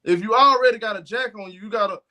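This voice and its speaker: A man's voice: high voice, fast talker, bright, forceful tone. A man co-hosting a sports talk stream, stubbornly repeating his point in a heated debate. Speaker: co-host.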